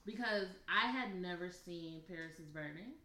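A woman's voice: lowish voice, normal speed, pushed and bright. A married woman co-hosting a casual chat, speaking earnestly and thoughtfully, often restarting her sentences. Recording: echoey room with faint background hum.

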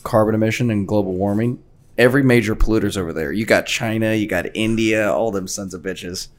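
A man's voice: on the low side, fairly quick. Rambling crude podcast guy. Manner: rambling, crude jokes, frequent restarts. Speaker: podcast co-host. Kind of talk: casual banter.

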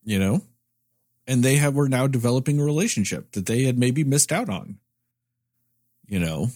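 Podcast co-host, man, animated rambling pitch, dry close sound. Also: normal speed, no echo. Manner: rambling, many "you know" fillers. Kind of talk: casual movie review chat.

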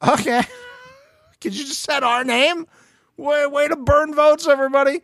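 A man's voice: very high-pitched, unhurried, dry recording, clean studio sound. A man co-hosting a podcast, recapping a reality show in casual chat, swearing and acting out what people said. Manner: animated, swearing, acts out quotes. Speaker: podcast co-host.

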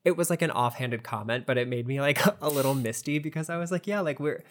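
A man from the United States co-hosting a theatre podcast, chatting in an animated, storytelling way. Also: mid-range voice, quick pace, slight background noise. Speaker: podcast co-host. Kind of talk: casual chat.

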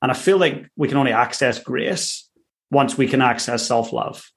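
Irish male coach, unhurried storyteller, mid-pitched. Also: creaky. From Ireland. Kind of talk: podcast conversation.

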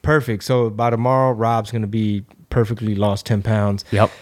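A man hosting a podcast, talking in a relaxed, chatty way with plenty of fillers. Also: lowish voice, normal speed. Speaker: podcast host. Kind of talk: casual chat.

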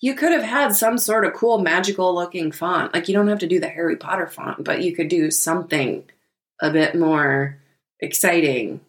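Woman with a low voice, casual chat, blunt, swears a lot. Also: moderate pace. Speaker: podcast co-host.

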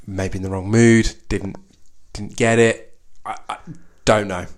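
A man's voice: fairly low pitch, flat delivery, measured pace. A man co-hosting a casual film chat, making wry asides and hesitating as he talks. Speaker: podcast co-host.

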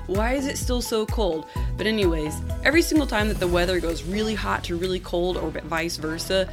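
Hoarse chatty woman podcast host. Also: lowish voice, brisk, over music. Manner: chatty, laughs often while telling stories. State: hoarse from a cold, scratchy throat. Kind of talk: casual podcast monologue.

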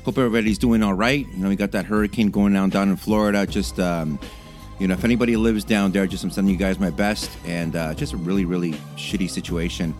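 A man's voice: low voice, fairly even intonation, quick pace, darkish tone, faint music behind. A man in his late thirties from Canada hosting a solo podcast, chatting casually and rambling with lots of fillers and restarts. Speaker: podcast host.

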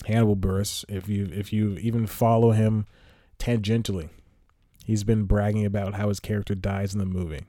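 A man's voice: lowish voice, level tone, normal speed, mellow, no room sound, clean studio sound. A man hosting a podcast, giving a rambling solo movie review full of sighs, asides and exasperation. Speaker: podcast host. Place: home, recording at night.

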